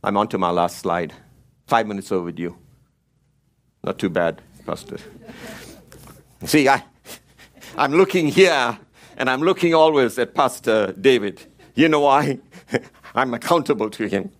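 A man's voice: medium pitch, unhurried, pauses often. A man teaching the Bible in a church, emphatic and repeating key words, often rising when he stresses a point.

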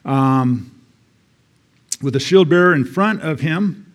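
A man's voice: fairly high pitch, takes it slowly. An American man, a church elder, giving a conversational sermon, reading scripture aloud and adding casual asides.

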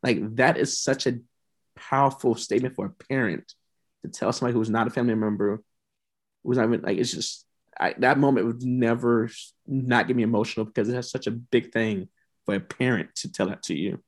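A man's voice: mid-range voice, fairly even intonation, fairly quick. A man telling his story as a guest on a podcast interview, earnest and heartfelt, repeating himself for weight. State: emotional, near tears at times. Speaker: youth mentoring program founder.

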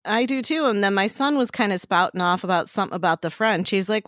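A woman's voice: medium pitch, fast, hardly any pauses, a bit bright, dry recording, studio quality. A middle-aged woman in casual chat, ranting bluntly and swearing freely.

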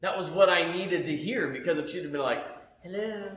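A man giving a casual, animated sermon testimony from home, often saying "man" and "right?". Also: a little high, brisk, reverberant, slight background noise. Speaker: preacher.

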